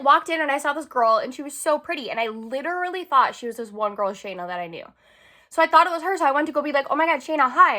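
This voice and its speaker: Brief: a high-voiced woman in her twenties, a casual, chatty vlogger telling a story. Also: bright, forceful tone. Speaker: beauty vlogger. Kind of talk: casual chat.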